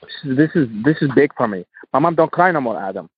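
A man's voice: mid-range voice, animated, quick pace, breathy edge, no echo, phone-quality sound. A man, a podcast guest, speaking passionately in emphatic, repetitive English. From Tunisia. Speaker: guest entrepreneur. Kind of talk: podcast interview.

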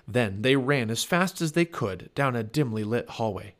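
A man reads a children's chapter book aloud in an expressive storybook manner. His voice sits at a mid pitch and climbs and falls with lively, animated contours. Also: normal speed, few pauses. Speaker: family podcast reader.

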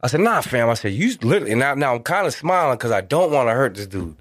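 Animated middle-aged man. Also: fast, no echo, studio quality. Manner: animated, acts out quotes with big pitch jumps; profane, slangy. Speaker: guest. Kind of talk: casual storytelling.

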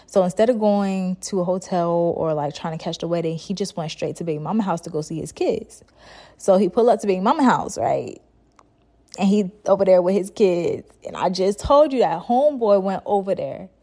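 Animated and moderately paced, this podcast host is a young woman whose voice is lowish and dark. She recounts a show as a casual monologue, chatty and slangy and full of filler words.

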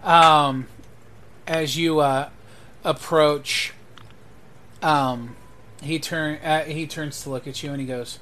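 Male game master, loose hesitant narration; slightly high, faint noise. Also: steady tone, takes it slowly, long pauses, pushed and bright. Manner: loose, lots of ums and uhs.

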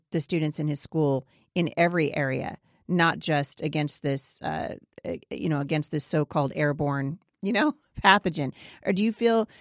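A woman hosts a conversational interview, talking in an emphatic, opinionated way. Her voice sits a little low for a woman, and the recording is dry and close with no room sound. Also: no room sound. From Pacific Northwest, USA. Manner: emphatic, opinionated, asks probing questions.

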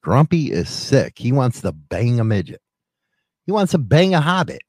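A man's voice: medium pitch, big pitch swings, normal speed, no room sound, studio quality. A man co-hosting a podcast, cracking crude jokes and laughing often in casual banter. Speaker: podcast co-host.

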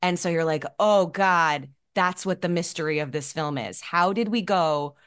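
Woman with a lower voice, lively film podcast banter, laughs a lot. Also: normal speed, smooth. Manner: animated, laughs between thoughts. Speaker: podcast co-host. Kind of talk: casual film discussion.

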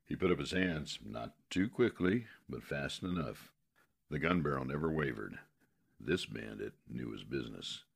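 A man narrating a western novel in a steady, measured way. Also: extremely low pitch, creaky, breathy edge.

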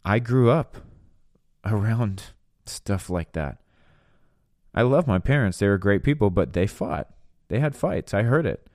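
A man's voice: lowish voice, animated, unhurried, pauses often, a little mellow, no echo, studio quality. A young adult man hosting a ministry podcast, talking through relationships in a candid, earnest, conversational way. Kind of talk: casual teaching monologue.

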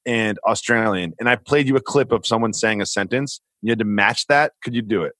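A man co-hosting a podcast in casual chat, animated, sarcastic and rambling. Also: on the low side, fairly quick, no echo. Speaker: podcast co-host.

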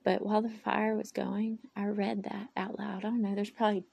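A woman's voice: mid-range voice, flat delivery, fairly quick, vocal fry, a little mellow, breathy edge, no room sound. A woman hosting a personal podcast monologue into a phone, candid and rambling, often talking to herself aloud and speaking of her faith in God. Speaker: podcast host.

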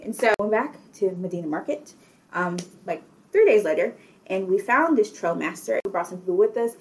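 A young woman chatting casually, telling an animated story with lots of filler words. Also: mid-range voice, fairly quick. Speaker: guest telling a travel story. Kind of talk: casual chat.

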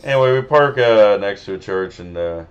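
Deep-voiced profane rambling podcast host. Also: male voice, expressive, normal speed, dull audio. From Missouri. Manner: rambling, profane, joking storyteller. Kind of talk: casual banter.

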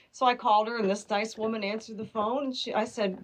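A woman's voice: on the high side, brisk, a little hiss or hum. A woman guest, a dog trainer, telling stories animatedly and acting out quoted lines. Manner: animated storyteller, acts out quotes. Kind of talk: storytelling interview.

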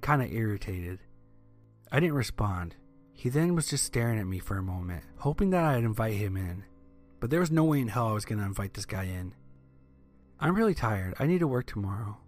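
A man narrating true scary stories in a steady, scripted storytelling read. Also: mid-range voice. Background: soft background music.

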